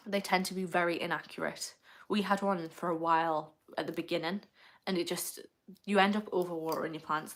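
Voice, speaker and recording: With a fairly low, slightly bright voice, a young woman from the UK hosts a laid-back livestream. She rambles and chats, reading viewer comments aloud and laughing often.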